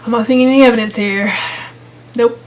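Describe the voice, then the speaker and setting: A young woman with a fairly high voice rants into her vlog, sarcastic and exasperated. She rambles and restarts her sentences, casual and unscripted. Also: fairly even intonation, fairly quick, darkish tone, low-quality recording. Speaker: gaming vlogger.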